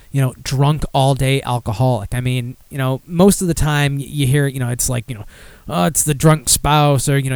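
Alone at the mic, a podcast host works his way through listener comments with sardonic, rambling commentary, stumbling over many fillers and restarts. His mid-range voice has a clean tone, recorded dry.

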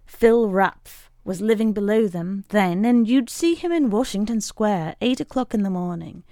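A woman reading a short story aloud in a wry, measured way. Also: medium pitch, expressive, dark tone, no room sound, studio quality. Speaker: reader.

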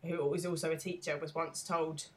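A woman with a low voice and an East London accent chats on a podcast. She talks in a thoughtful, casual way, often pausing on "um" as she works through her points. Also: flat delivery, slight background noise. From England. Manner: thoughtful, with frequent fillers. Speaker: podcast co-host.

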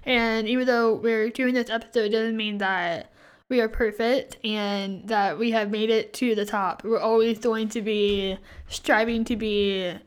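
A woman's voice: fairly high pitch, steady tone, a little slow, clear, resonant tone. A young woman co-hosting a casual Bible study chat, talking in a loose way with fillers and easy laughs. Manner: chatty, many fillers, laughs easily. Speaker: podcast co-host.

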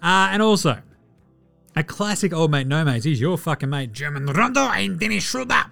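A slightly high-voiced Australian man hosting a basketball podcast in a loose, profane, joking way. He rattles off stats and slips into quick mock voices, with faint music running underneath. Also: animated, gravelly, bright, forceful tone. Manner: profane, joking, mimics players in asides. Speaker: podcast host. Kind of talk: casual sports chat.

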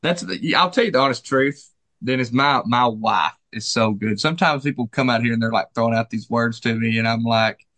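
A man's voice: fairly quick, no echo. Friendly man giving a showroom tour, dry sound. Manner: relaxed, friendly salesman pitching pieces. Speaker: furniture store co-owner. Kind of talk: casual showroom walkthrough. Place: furniture showroom indoors.

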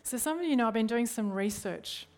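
A woman's voice: on the high side, lively intonation, brisk, darkish tone. A middle-aged woman with an Australian accent, a church leader giving a sermon in an earnest way, often turning to the listeners with rhetorical questions.

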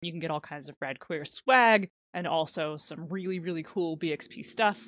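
Woman cohost with a lowish voice, casual podcast chat, laughs a lot, dead dry mic sound. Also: normal speed, fairly bright tone, no echo. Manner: laughs often, reads sponsor plugs. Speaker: podcast co-host.

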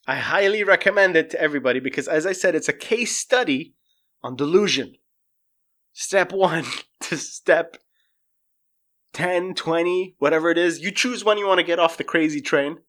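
A man on a casual livestream, ranting in an animated, profane way, his voice jumping up when he gets exasperated. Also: a little high. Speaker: streamer.

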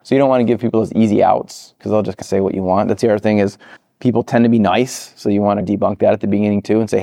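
A man giving an interview on product work, talking animatedly and acting out the people he quotes in quick voices. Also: medium pitch, dry recording, studio quality. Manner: animated, acts out quoted reactions. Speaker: product management guest. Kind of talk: interview answers.

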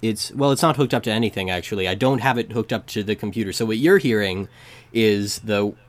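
A man's voice: on the low side, fairly quick. A man hosting a casual interview over a call, joking and self-mocking, recorded on a handheld recorder mic. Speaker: podcast host. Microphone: handheld recorder mic, remote call.

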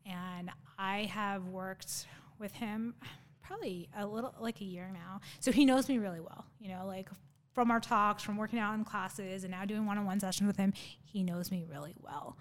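A woman's voice: medium pitch, moderate pace. A woman guest chatting casually in an interview, telling a story in a sarcastic, talkative way with lots of fillers. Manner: sarcastic, by her own account; chatty, with many fillers and laughs.

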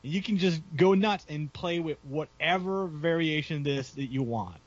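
Excitable man in casual hobby chat. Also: on the high side, normal speed. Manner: enthusiastic, self-deprecating, rambling. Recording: dull lo-fi recording.

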